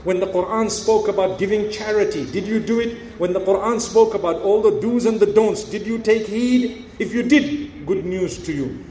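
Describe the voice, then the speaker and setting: A man's voice: high-pitched, normal speed, few pauses, warm tone, reverberant, slight background noise. A man preaching to a live audience, earnest and encouraging, asking rhetorical questions and urging listeners to recite melodiously. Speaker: Islamic preacher.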